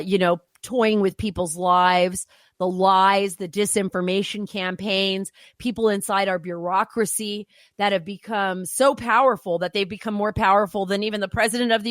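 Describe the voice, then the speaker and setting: A woman's voice: mid-range voice, a bit bright, no echo, studio quality. A woman hosting political opinion commentary, talking in an impassioned, emphatic way.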